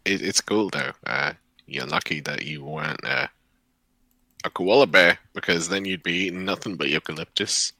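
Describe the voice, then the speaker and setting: A man's voice: deep voice, normal speed, gravelly, sharp tone, dry recording. A man playing a tabletop game in character, stubborn and offhand. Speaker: player. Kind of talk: casual tabletop role-play.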